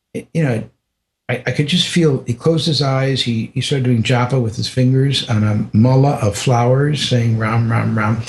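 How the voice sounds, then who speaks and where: With slight noise in the background, an older interviewee tells a personal story at a medium pitch. His delivery halts and restarts, often softening to a quiet voice.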